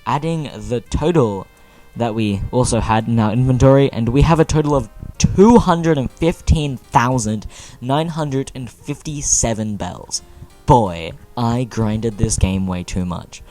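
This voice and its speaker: A young man giving casual, animated commentary over his own gameplay, joking with exaggerated dismay. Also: medium pitch, measured pace, soft background music. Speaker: gaming video host.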